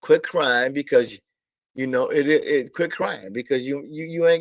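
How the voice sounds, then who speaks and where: A man's voice: on the high side, moderate pace, no room sound. A man ranting about football in a casual stream, blunt and profane, repeating himself in exasperation. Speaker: sports talk streamer. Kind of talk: casual sports rant. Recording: dull lo-fi audio.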